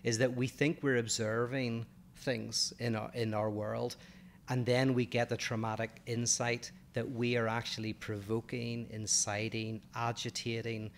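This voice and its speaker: A man with an Irish accent co-hosting a podcast, explaining philosophical ideas in a measured, patient way. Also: mid-range voice, flat delivery, slight background noise. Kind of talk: casual explanatory chat.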